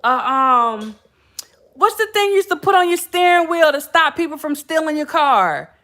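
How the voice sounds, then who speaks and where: With a high voice full of big pitch swings and a sharp tone, a middle-aged woman talks at normal speed. As a podcast host she shares casual stories with her viewers, chatting, laughing often and calling them y'all.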